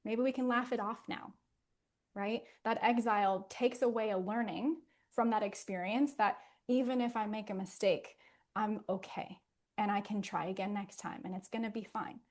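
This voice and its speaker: A woman therapist in a podcast interview, explaining in an earnest, gentle way and often softening to a soothing hush. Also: mid-range voice, steady tone, moderate pace.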